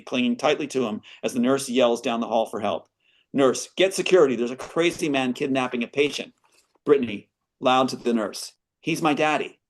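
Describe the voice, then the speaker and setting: Man reading his screenplay aloud. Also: medium pitch. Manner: earnest, interrupts reading with asides. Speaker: screenwriter guest.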